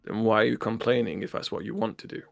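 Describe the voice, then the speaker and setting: A blunt military starship captain, as a man puts him on barks curt orders in a gravelly voice. The sound is dry and close. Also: lowish voice, fast, dry recording. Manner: curt and threatening.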